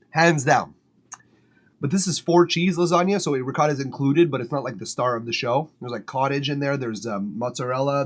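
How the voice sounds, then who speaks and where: A man hosting a music feedback livestream, chatting casually and swearing freely while he eats. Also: medium pitch. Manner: relaxed, chatty, swears casually, laughs often. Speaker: music feedback stream host. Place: home studio.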